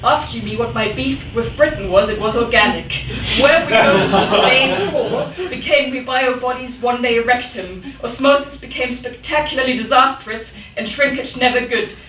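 A woman's voice: fairly high pitch, normal speed, hardly any pauses, background noise. Woman poet reading, echoey and distant. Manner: dramatic, rhythmic reading with sudden outbursts. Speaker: poet reading her work. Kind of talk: live poetry reading. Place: event room. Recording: echoey room, mic at a distance.

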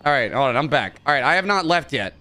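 Bright, jumpy male let's-play streamer. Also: mid-range voice, sing-song, fast talker, faint music behind. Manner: jokey, swears, mutters, yells when startled. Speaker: gaming YouTuber.

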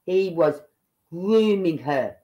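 Brief: woman, angry reaction commentator, slow and blunt, swears when heated. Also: lowish voice, expressive, dark tone, poor audio. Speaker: online commentator.

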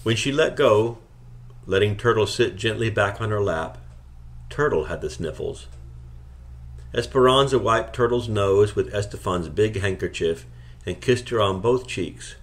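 Low-voiced man reading a novel. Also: unhurried. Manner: calm, steady storytelling. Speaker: audiobook reader. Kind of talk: scripted narration.

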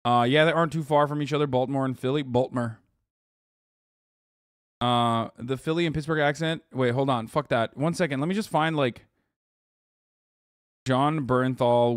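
A man hosting a reaction stream, chatting casually in an excitable, profane, rambling way. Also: medium pitch, smooth, dry recording, clean studio sound. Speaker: streamer host.

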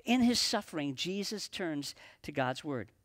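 A man preaching a sermon as pastor at a live church service, earnest, slowing down and dropping his voice for emphasis. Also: fairly high pitch, big pitch swings, fairly bright tone.

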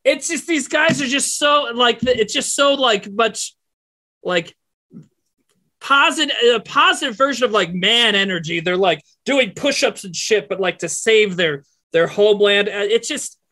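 A man chatting excitedly on a livestream, rambling and peppering his talk with filler words and crude language. His voice is bright and sharp, with a lively, swinging pitch. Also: unhurried. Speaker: comedy troupe member on a livestream. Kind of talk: casual banter.

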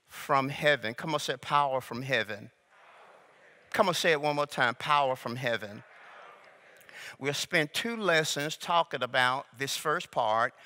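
A male pastor teaches a sermon in a medium-pitched, bright, forceful voice, slowly drawing out key words. He coaxes the congregation into repeating phrases back to him, and a long hall reverb trails his speech.

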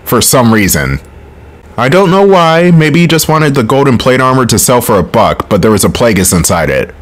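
A man's voice: mid-range voice, big pitch swings. A man commenting on his gameplay in a casual, wry way, swearing often, recording from home. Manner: wry, swears often, quick bursts of frustration. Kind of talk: casual let's play commentary.

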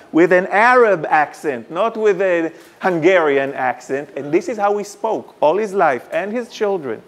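Lively man with a higher voice. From Israel. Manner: lively, dramatic storyteller with wry asides. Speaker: guest lecturer. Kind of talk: storytelling lecture.

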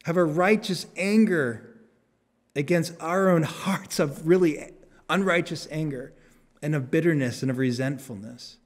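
A male pastor preaching a sermon, earnest, lifting his voice for emphasis and dropping it low on solemn words. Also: unhurried. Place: church sanctuary. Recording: long church reverb.

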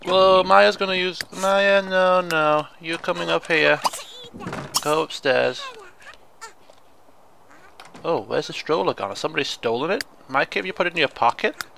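A man giving chatty, excitable commentary on a video game, often laughing and exclaiming. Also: on the high side, moderate pace, vocal fry, long pauses, slight background noise. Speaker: gaming video host. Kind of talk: let's play commentary.

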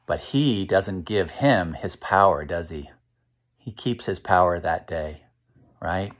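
A man reading a picture book aloud to children, asking them gentle questions as he goes. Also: deep voice, takes it slowly. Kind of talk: interactive read-aloud.

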